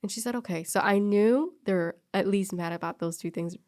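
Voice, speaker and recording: Young woman telling a lively story. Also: medium pitch, moderate pace. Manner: animated storyteller who acts out quoted people. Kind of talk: casual storytelling chat.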